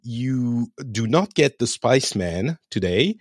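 A man's voice: mid-range voice, expressive, takes it slowly, no room sound, clean studio sound. A man from France with a French accent, a guest co-host chatting casually with many hesitations and playful remarks. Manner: hesitant, filler-heavy, playful. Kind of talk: casual podcast chat. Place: home in the countryside.

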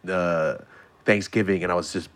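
A man in his late twenties telling a story in casual podcast chat, animated and swearing freely. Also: low voice, moderate pace, slight background noise. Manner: animated, swears freely, acts out quoted voices.

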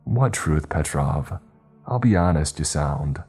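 A man's voice: rumbling low, expressive, takes it slowly, a little mellow, husky, soft background music, heavily acted. A man voicing a wary young woman who answers defensively and firmly, reading the story aloud. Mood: guarded. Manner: defensive, guarded replies. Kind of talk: storytelling narration.

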